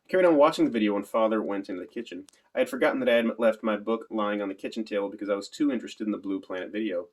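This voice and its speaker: A man's voice: lowish voice, racing, few pauses. A man narrating an audiobook in the first person in a literal, matter-of-fact way.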